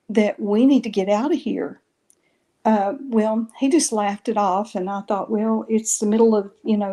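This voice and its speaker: Middle-aged lady rambling through a story, mellow warm voice, keeps correcting herself. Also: medium pitch. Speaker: guest recounting paranormal experiences. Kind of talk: casual storytelling interview.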